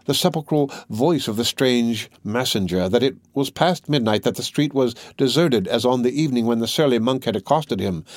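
A man's voice: medium pitch, no echo, studio quality. Man narrating a classic novel. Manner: measured, steady storytelling. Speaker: audiobook narrator. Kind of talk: scripted narration.

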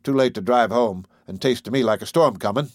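A man playing a gruff country doctor. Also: mid-range voice, fairly quick, darkish tone, dry recording, studio quality, close to an everyday voice. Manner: brusque, clipped orders.

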